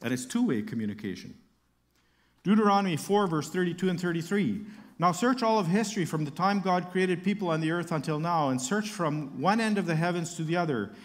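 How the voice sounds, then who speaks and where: A man's voice: high-pitched, lively intonation, a little fast, in a large hall. A man preaching a sermon, reading Bible verses aloud and explaining them with casual asides and light humor.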